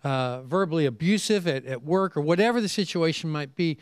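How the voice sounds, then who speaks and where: A middle-aged man, a preacher speaking on a conference panel, telling stories in a lively way and acting out what other people say. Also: fairly high pitch, fairly quick, smooth, no echo. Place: conference seminar session.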